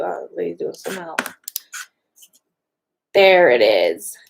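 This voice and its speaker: An excitable woman chatting casually, gushing while she browses online. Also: deep voice, measured pace, creaky, a little hiss or hum. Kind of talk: casual chat.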